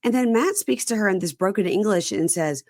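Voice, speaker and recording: A woman from Mississippi hosting a casual chat, animated and mimicking the people she quotes. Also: medium pitch, fairly quick, no echo, clean studio sound. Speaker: podcast host. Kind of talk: casual chat recapping reality TV.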